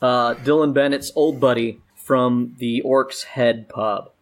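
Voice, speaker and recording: A man's voice: medium pitch, fairly even intonation, slow. A man running a tabletop game as game master, narrating casually and joking with his players. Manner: casual, joking, laughs often.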